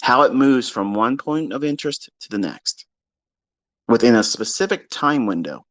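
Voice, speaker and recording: A man's voice: medium pitch, lively intonation, moderate pace, fairly bright tone, dry recording. Blunt, profane man ranting at listeners. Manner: blunt, profane and scolding, with mocking quoted voices. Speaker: trading mentor. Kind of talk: unscripted rant on a live audio space.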